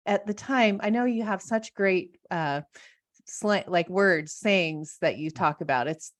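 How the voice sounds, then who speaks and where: A woman's voice: on the low side, a little slow. A woman in her thirties hosting an interview, chatting personally with lots of fillers and restarts. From Washington state. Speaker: host. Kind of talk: casual conversational interview.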